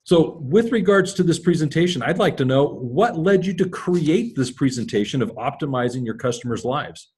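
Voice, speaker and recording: A man hosting a casual interview, relaxed and joking as he introduces and questions his guest. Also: fairly high pitch, moderate pace, hardly any pauses, slightly rough. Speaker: podcast host.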